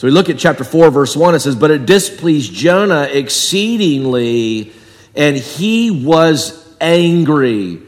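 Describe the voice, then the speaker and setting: A man preaching a sermon in a church, talking conversationally and swinging from loud and high to low and quiet. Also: animated, slow pace, in a large hall. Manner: conversational with wide swings in pitch and volume. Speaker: pastor. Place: church sanctuary.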